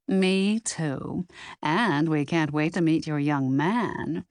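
A woman's voice: sits low, slow pace, no room sound, studio quality. Woman doing an exuberant gushing mom. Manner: loud, enthusiastic. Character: exuberant middle-aged mother, loud and gushing.

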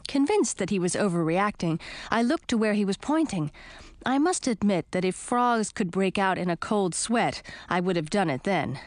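A woman narrating a children's storybook in an expressive, animated way. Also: medium pitch, no echo. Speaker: audiobook narrator.

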